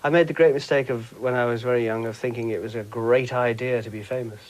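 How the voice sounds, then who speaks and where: A man from England telling comic anecdotes in an interview, camp and giggly, jumping into squeaky high voices for quotes. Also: fairly even intonation, fast, rough recording. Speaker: interviewee, comedian and broadcaster.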